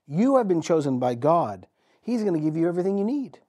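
A man preaching a sermon as pastor, telling the story with dramatic pauses and repetition. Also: fairly high pitch, big pitch swings, warm tone, husky. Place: church.

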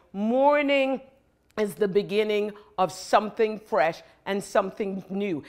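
A woman's voice: medium pitch, darkish tone. A middle-aged woman preaching a motivational sermon in an emphatic, rhythmic way with repeated phrases.

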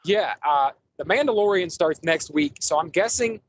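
A man's voice: on the high side, expressive, normal speed, slight background noise, poor audio. A man hosting a casual podcast movie review, rambling enthusiastically with lots of fillers and restarts. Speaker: podcast host.

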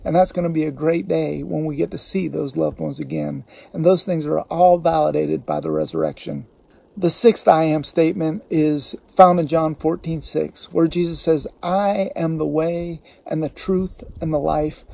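Gravelly warm-voiced male pastor preaching. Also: a little high. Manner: earnest preaching, slowing to stress scripture quotes. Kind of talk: sermon. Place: church.

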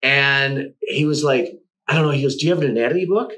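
A man's voice: mid-range voice, fairly quick, sharp tone, low-quality recording. A middle-aged man, a guest artist, telling long anecdotes in a casual interview, swearing and laughing often.

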